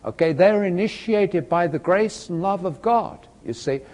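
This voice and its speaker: Animated, fairly high-voiced male lecturer. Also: unhurried. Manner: animated and conversational, with many fillers and asides to students. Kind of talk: classroom teaching with an extended illustration. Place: classroom.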